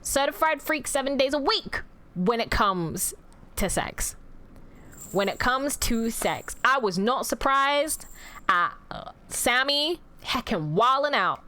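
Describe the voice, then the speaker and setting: A woman's voice: high voice, animated, slow, bright, forceful tone. A woman streamer chatting casually with her viewers, teasing them in theatrical mock-villain banter and swearing freely. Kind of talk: casual livestream chat with viewers.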